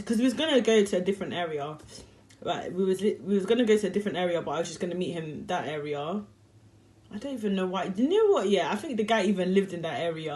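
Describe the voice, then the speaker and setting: A young woman telling a story to camera in a rambling, slangy, chatty way and laughing easily. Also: on the low side. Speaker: vlogger.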